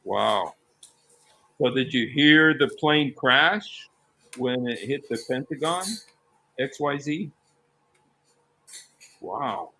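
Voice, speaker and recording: A man's voice: mid-range voice, expressive, slow pace, long pauses, bright, forceful tone, slight background noise. A man guest in a casual talk who reads passages aloud and keeps exclaiming "wow". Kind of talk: casual conversation.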